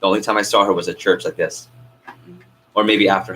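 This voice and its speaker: Energetic male sales trainer, low voice. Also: a little fast, slight background noise, poor audio. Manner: energetic, asks the group questions and acts out phone calls. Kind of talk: coaching a training class.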